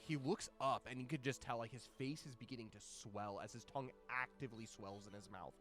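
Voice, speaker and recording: A man's voice: mid-range voice, brisk, a bit bright, faint music behind. A man narrating as game master of a tabletop game, telling the story animatedly with fillers.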